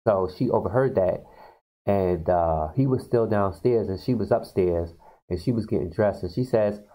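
A man's voice: on the low side, normal speed, warm tone, poor audio. Rambling man recapping a film. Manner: rambling, acts out characters' lines. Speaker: YouTube host. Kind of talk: casual movie recap.

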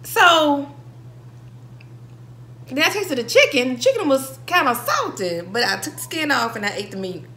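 A woman's voice: sits high, very animated, unhurried, pauses often, sharp tone, slight background noise. A woman, chatting casually as she eats on camera, telling stories with laughing asides. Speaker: vlogger eating on camera. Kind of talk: casual mukbang chat.

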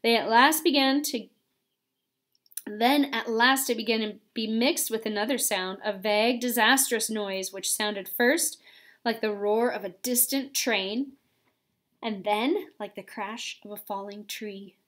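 Woman, audiobook reader, expressive storytelling, slightly high voice. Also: unhurried. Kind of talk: reading a novel aloud.

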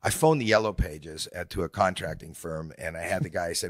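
An older man telling animated stories on a casual podcast, acting out scenes in other voices. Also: deep voice, brisk, hardly any pauses, dry recording, studio quality. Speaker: guest comedian.

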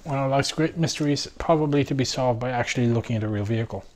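Man, middle-aged, tired, quiet low-volume talk, casual rambling, midrange voice. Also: quick pace. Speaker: host building a model kit. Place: home.

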